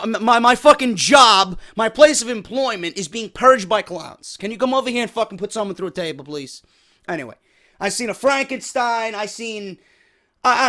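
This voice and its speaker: A man in his thirties with a New York accent and a hoarse voice, telling a story as a profane, angry rant with loud bursts. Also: sits high. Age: 30s. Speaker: wrestling podcast host.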